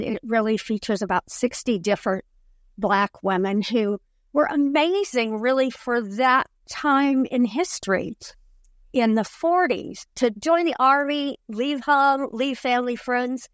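Woman author guest, slightly high voice, slow and earnest, dry close sound. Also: no room sound. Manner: earnest, measured storytelling. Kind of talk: podcast interview.

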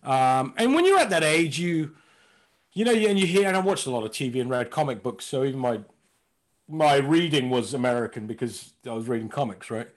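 A man's voice: mid-range voice, lively intonation, a little fast. A man in his fifties from London, a comedian and impressionist, chatting in a rambling, self-mocking way. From London, England. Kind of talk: casual podcast chat.

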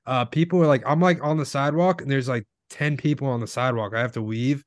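Casual male co-host, rambling delivery, middle pitch, dry dead room. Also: fast, no echo. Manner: rambling, heavy use of filler words. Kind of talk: casual chat.

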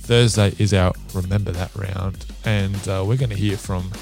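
Male quiz host, gravelly low register, jokey, laughs easily. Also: fairly even intonation, moderate pace, darkish tone, soft background music. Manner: laughing, matey banter. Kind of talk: casual podcast quiz.

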